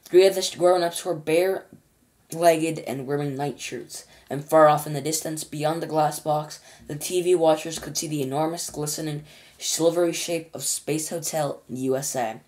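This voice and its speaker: A woman with a low voice reads a children's storybook aloud. Her delivery is lively and expressive. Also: moderate pace.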